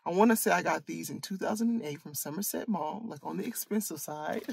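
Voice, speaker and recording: A woman in her late thirties from Michigan hosts a casual storytime. Her voice is gravelly with a husky edge. She speaks candidly and earnestly, often looping back to repeat a point. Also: on the low side, fairly quick, a little mellow. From Michigan, USA. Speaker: host and coach for women.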